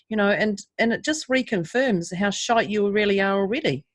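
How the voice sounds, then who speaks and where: A woman's voice: medium pitch, expressive, fairly quick. A woman co-hosting a podcast, telling stories frankly and with animation in casual chat. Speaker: podcast co-host.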